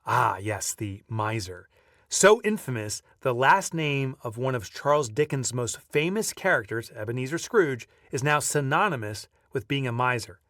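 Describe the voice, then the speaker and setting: A man reading his own audiobook aloud, lively as a storyteller and breaking off now and then for casual asides. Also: mid-range voice, normal speed, hardly any pauses, dry recording, studio quality, recorded from a distance. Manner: lively storyteller who breaks off to chat offhand. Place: video recording setup.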